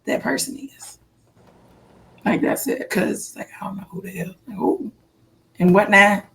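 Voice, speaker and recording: A woman co-hosting a casual podcast chat, voice going hoarse, animated with playful exaggerated reactions. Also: medium pitch, a little slow, slight background noise. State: losing her voice. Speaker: podcast co-host.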